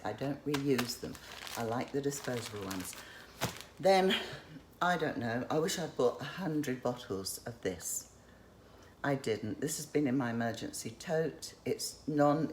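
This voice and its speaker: A woman's voice: rumbling low, a little mellow, a little hiss or hum. A woman, chatting in a rambling, casual vlog as she shows what she has stored. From England. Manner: chatty, rambling, self-interrupting. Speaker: vlogger. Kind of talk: casual show-and-tell vlog.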